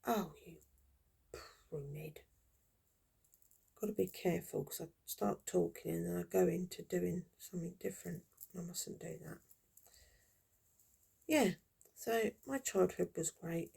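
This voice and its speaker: A woman's voice: on the low side, normal speed, creaky, mellow, breathy edge. A woman in her fifties chatting casually and reminiscing while she crochets, in a rambling, friendly way. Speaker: crafter vlogger.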